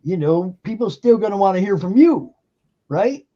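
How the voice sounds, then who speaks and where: A man's voice: high-pitched, expressive, moderate pace, mellow, lo-fi sound, slight background noise. A man hosting a live stream, talking casually and emphatically with lots of fillers and swearing. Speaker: streamer and show host. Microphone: computer mic on a live stream.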